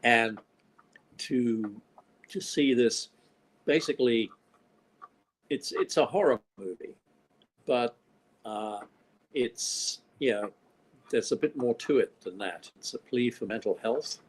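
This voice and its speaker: A man's voice: mid-range voice, slow pace, pauses often, low-quality recording. An older man from Australia, a film director being interviewed, talking in a rambling way with dry, wry humor. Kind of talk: casual interview conversation.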